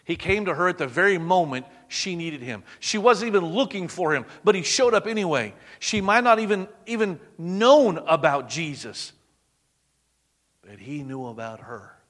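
High-voiced preacher in a reverberant hall. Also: male voice, lively intonation, moderate pace. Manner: dramatic, drops to a hush on quotes. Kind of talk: sermon.

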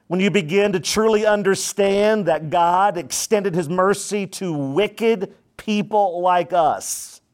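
Man, pastor, high voice, energetic emphatic sermon with call-and-response. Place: church.

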